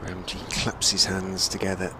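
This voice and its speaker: Low-voiced cricket commentator. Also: male voice, background noise. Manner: measured, chatty, lifts to excited calls on big shots. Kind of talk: radio-style ball-by-ball commentary. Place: commentary position on a stadium hotel roof.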